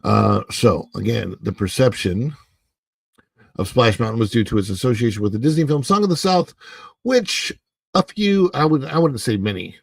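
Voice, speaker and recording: Opinionated man with a gravelly voice. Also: mid-range voice, expressive, no echo. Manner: opinionated, emphatic, halting with restarts. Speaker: host. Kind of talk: solo livestream commentary.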